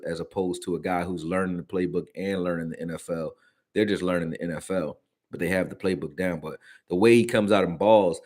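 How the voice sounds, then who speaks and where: A man hosting a casual sports reaction stream, talking loosely in slang and answering his viewers as he goes. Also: low-pitched. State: hiccups. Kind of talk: casual live-stream commentary.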